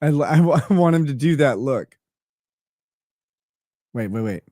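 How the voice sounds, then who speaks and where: A man's voice: on the high side, expressive, unhurried, mellow, no echo. A man co-hosting a casual livestream, teasing his partner with profane banter and mock cross-examination. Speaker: livestream co-host.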